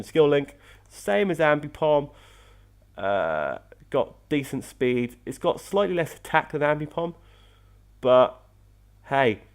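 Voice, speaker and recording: A young man, casually commentating on his game team, chatty with frequent self-corrections. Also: medium pitch. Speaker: competitive Pokémon player and video host.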